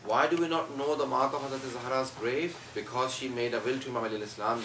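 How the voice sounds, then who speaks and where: A man giving an emotional sermon, telling a story with a voice that rises into loud lament. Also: medium pitch, steady tone, fast, hardly any pauses, a little hiss or hum. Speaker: preacher. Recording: echoey hall from far off, faint ambience.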